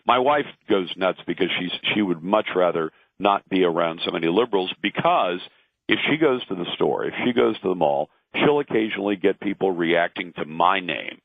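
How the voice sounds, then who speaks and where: A middle-aged man holds forth in blunt, argumentative talk radio commentary. His voice sits low and comes through a thin, tinny phone line. The sound is dry and close. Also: animated, normal speed, vocal fry, dry recording. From Pacific Northwest, lives in Portland. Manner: emphatic, argumentative, acts out quoted voices. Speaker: radio talk host, guest.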